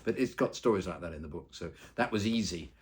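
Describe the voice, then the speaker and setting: A man's voice: low voice, fast talker, a little hiss or hum. A man, an actor and voice-over artist, telling stories in a casual interview, rambling with many fillers and acting out the people he quotes.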